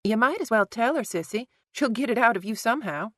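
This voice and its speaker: A woman's voice: on the high side, animated, a little fast, a bit bright, no room sound, studio quality, pitched above the performer's own voice. A woman voicing a blunt younger sister who needles and pushes in an audiobook. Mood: needling.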